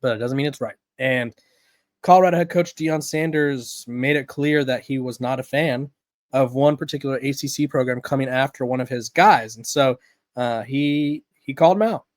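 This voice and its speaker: Casual sports podcast host, dry mic. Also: male voice, medium pitch, normal speed, no room sound. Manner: conversational, rambling with fillers and restarts.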